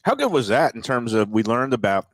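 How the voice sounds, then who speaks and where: A man co-hosting a talk show, chatting casually in a relaxed way with fillers. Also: medium pitch, brisk, dry recording. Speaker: show co-host. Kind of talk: casual chat.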